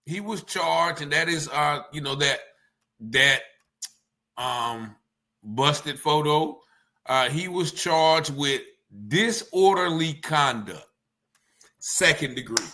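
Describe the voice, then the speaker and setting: A man giving casual commentary, animated and rambling, often acting out what people said. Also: a little high. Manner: animated, rambling, acts out quotes.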